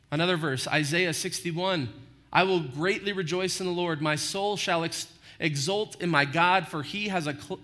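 A man's voice: sits high, sharp tone. A man preaching a sermon as pastor, conversational, often checking in with "right?" and acting out short quotes. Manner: conversational, frequent "right?" tag questions.

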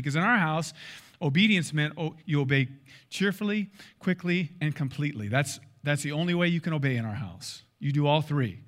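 Animated male pastor preaching a sermon. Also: on the high side, normal speed. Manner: animated, emphatic, acts out quoted dialogue.

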